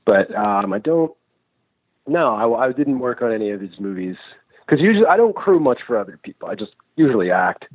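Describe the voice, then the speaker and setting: A man from New England, a filmmaker and actor, rambles through his stories with loose, cheerful profanity. His voice sits at an ordinary middle pitch. The recording sounds thin and phone-like, with no room echo at all. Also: fairly quick. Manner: loose, profane, animated storytelling. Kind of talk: casual interview chat. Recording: dry, tinny phone-like sound.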